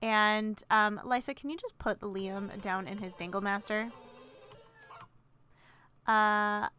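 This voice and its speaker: A woman's voice: mid-range voice, steady tone, takes it slowly, sharp tone, soft background music. A woman narrating a life-simulation game in casual, rambling commentary full of fillers and restarts. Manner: chatty, gossipy storytelling. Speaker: let's play narrator.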